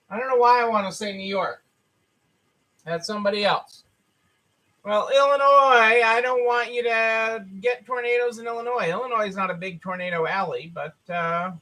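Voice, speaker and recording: High, bright-voiced man hosting a live stream. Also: low-quality recording. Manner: chatty, repetitive, greets viewers by name. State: tired. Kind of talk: casual live-stream chat.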